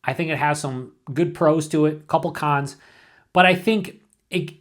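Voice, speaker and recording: A man's voice: on the high side, a little slow. A man giving a casual beer review to camera, thinking aloud and rambling with restarts and asides.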